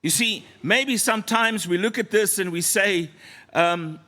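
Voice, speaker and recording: High, bright-voiced preacher. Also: male voice, a little slow. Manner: earnest, storytelling, often drops to a soft low voice. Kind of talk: sermon. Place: church.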